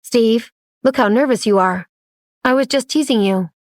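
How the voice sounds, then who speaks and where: A woman voicing a sly toy robot that speaks in a calm synthetic monotone. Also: fairly high pitch, normal speed, no room sound, clean studio sound, natural voice. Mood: calm, teasing. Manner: calm, flat and teasing.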